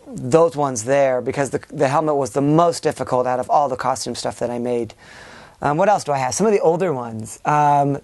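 A man talks straight to his viewers in a loose, unscripted year-end vlog. He circles around his points, pauses often with filler sounds and restarts his sentences. His tone stays warm and thankful toward his audience. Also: fairly high pitch. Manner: rambling and hesitant, with frequent filler sounds and restarts. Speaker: YouTube channel host.

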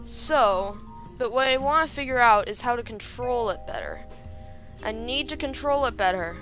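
A woman's voice: on the high side, very animated, normal speed, fairly bright tone. A woman chatting to herself during gameplay commentary, thinking aloud and getting exasperated as she plays at her computer. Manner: chatty, talks to herself while building, gets exasperated. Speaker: gaming channel host. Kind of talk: let's-play gameplay commentary. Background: game music.

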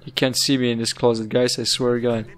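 A man's voice: mid-range voice, little pitch movement, fast talker, slight background noise. A young man, a gaming YouTuber giving rambling, swearing let's-play commentary while he plays. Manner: rambling, swearing, laughing at the game.

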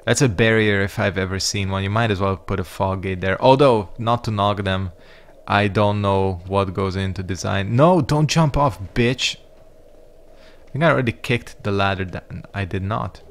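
A man's voice: low voice, steady tone, normal speed. A man giving casual let's-play commentary, rambling and reacting to the game with frequent swearing. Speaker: gaming YouTuber.

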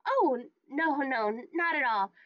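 A woman's voice: sits high, expressive, normal speed, dry recording, dull audio, voice pushed up. A woman voicing a cheery young woman in her twenties working a corporate booth, bubbly and always smiling. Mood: flustered. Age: 20s.

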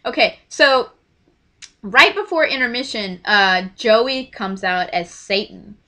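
A young woman telling a story to camera in a casual, gushing way, often trailing off into quiet asides. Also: a little high, expressive, takes it slowly. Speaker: vlogger.

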